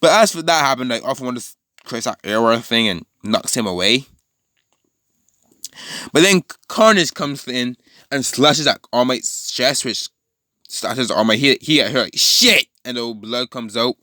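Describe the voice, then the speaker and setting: A man's voice: mid-range voice, animated, moderate pace, bright, forceful tone, dry recording, clean studio sound. Rambling man retelling a fan story. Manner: rambling, with many restarts and self-corrections. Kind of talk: casual spoken retelling.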